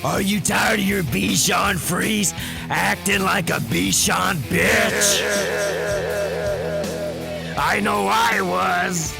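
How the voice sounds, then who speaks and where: A man voicing a brash, loud male pirate who hawks a product in a comedy fake commercial, with a bellowing sales pitch. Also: steady tone, extremely slow, vocal fry, exaggerated voice. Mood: boisterous. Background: guitar music.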